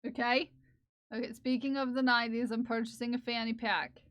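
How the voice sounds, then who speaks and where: A woman's voice: on the high side, level tone, brisk, no echo, lo-fi sound. A woman live streamer chatting casually and playfully with her viewers, often giggling and teasing. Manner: playful, giggly, talks to chat. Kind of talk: casual livestream chat.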